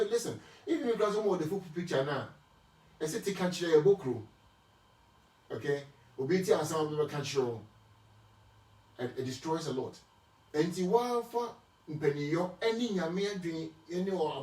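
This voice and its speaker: A man with a Ghanaian accent and a fairly high voice talks casually about faith and marriage. He moves between Twi and English, restarting and repeating words as he goes. He is set back from the mic in a roomy, echoing space. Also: darkish tone. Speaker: speaker answering marriage questions. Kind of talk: casual Christian teaching talk. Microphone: distant from the mic. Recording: echoey room, speaker far from the mic.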